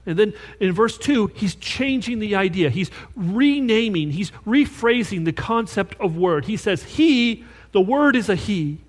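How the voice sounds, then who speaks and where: A man preaching a sermon, telling a personal story and slowing down to stress key words. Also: sits high, expressive. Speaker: pastor.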